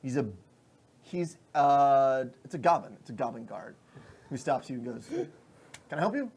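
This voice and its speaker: A man's voice: medium pitch, normal speed, a little mellow, a little hiss or hum. Rambling man running a tabletop game. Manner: rambling, with many fillers and restarts. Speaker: game master.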